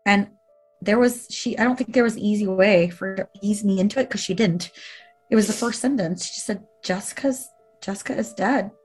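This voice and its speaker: A woman speaks earnestly as she recounts an emotional personal story to an interviewer. Her pitch sits in the middle range, and her delivery is conversational, full of fillers and small restarts. Soft music plays faintly underneath her voice. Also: a little fast, husky.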